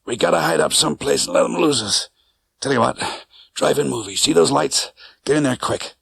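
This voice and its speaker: A man's voice: mid-range voice, fairly quick, creaky, fairly bright tone, pitched above the performer's own voice. A man voicing a wounded cab driver who talks urgently through clenched teeth. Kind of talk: audiobook character voice.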